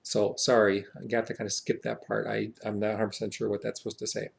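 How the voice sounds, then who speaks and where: A young man reading a short story aloud and loosely translating it, rambling and hesitant, with asides as he thinks aloud and quoted lines read louder and higher. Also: monotone, fast talker, creaky.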